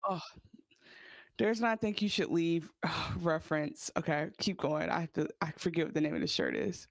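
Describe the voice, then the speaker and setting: A woman's voice: deep voice, sing-song, normal speed, vocal fry, no echo. A woman co-hosting a podcast, chatting casually and giving her opinions on an episode. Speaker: podcast co-host. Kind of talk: casual recap chat.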